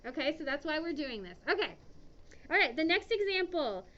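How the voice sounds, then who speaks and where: A woman's voice: high voice, big pitch swings, brisk, sharp tone. A woman teaching an English grammar lesson to a class, chatty and often checking in with "okay". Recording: dull lo-fi classroom recording.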